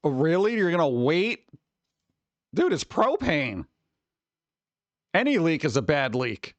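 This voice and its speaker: A man's voice: fairly high pitch, big pitch swings, slow pace, no echo, muffled recording. A man in his forties, hosting a stream in casual chat, ranting and swearing lightly about everyday annoyances. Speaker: streamer host.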